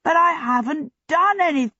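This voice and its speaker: A narrator voicing a bewildered young man who protests in a high, breathless voice. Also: lively intonation, normal speed, bright, forceful tone, no room sound. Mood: panicked protest. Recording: dull lo-fi audio.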